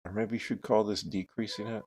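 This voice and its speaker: A man's voice: lowish voice, steady tone, a little fast, darkish tone. A man live streaming who talks casually and thinks aloud while adjusting his microphone settings. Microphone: desk microphone with noise gate and compressor.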